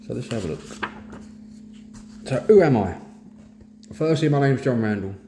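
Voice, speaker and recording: A man's voice: medium pitch, expressive, normal speed, mellow. Earnest middle-aged Cockney man. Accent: London Cockney. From East London, England. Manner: plain-spoken, earnest, blunt. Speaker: host of a mental health talk. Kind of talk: candid personal monologue. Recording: echoey room with faint noise.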